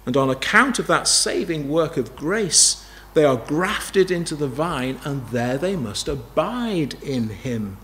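Male preacher, sermon, fairly high voice, emphatic and repetitive. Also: expressive, takes it slowly, pushed and bright, slight background noise. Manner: emphatic, repeating key phrases, asking rhetorical questions.

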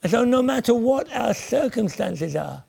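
A man's voice: very high-pitched, sing-song, normal speed, gravelly, darkish tone, slightly rough. A man preaching a sermon in an earnest voice that swells and then sinks almost to a whisper. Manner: earnest, rises and falls, drops to near whispers.

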